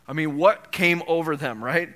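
A male pastor with a fairly high pitch and a fairly bright tone preaches at normal speed. His conversational sermon leans on rhetorical questions for the congregation, and he raises his voice when reading scripture.

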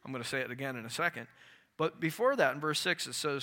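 A male pastor giving a sermon in an animated way, asking the audience questions and acting out stories. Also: medium pitch, fast talker, vocal fry.

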